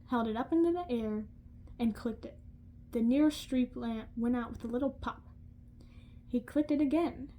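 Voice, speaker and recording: A woman's voice: a little high, warm tone, low-quality recording. Woman reading a novel aloud. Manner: slow, careful reading with some slips. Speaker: audiobook reader.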